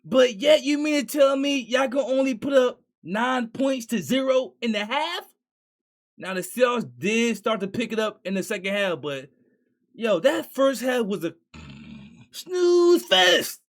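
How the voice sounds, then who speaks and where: Young man, very high voice, animated sports reaction rant with slang and shouting. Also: measured pace. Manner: excitable, ranting, slangy, often shouting.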